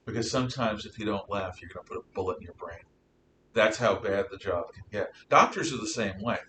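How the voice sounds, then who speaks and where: A male Bible class teacher talks in an emphatic, conversational style, posing questions and answering them himself. His voice is bright and crisp, picked up from some distance in a classroom with a faint rumble behind.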